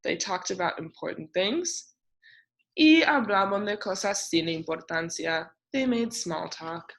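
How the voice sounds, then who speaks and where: A woman teacher reading a picture book aloud, narrating in a slow, expressive storytelling way. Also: fairly low pitch, gravelly.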